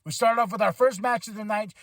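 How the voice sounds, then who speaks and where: A fairly high-voiced man talks through a wrestling show on his own podcast, animated and full of asides. His voice is recorded close and dry, with no room sound. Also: fast, no echo. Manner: animated and rambling, with impressions and asides. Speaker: podcast host. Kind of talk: casual wrestling recap.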